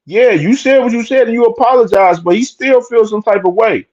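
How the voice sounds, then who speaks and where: A high-voiced young man gives casual, opinionated commentary on his own show. He talks emphatically and repeats himself, full of slang and cursing. The sound is muffled and lo-fi. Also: a little fast, a little mellow. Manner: emphatic, repetitive, swears freely, slangy. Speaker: boxing commentary host.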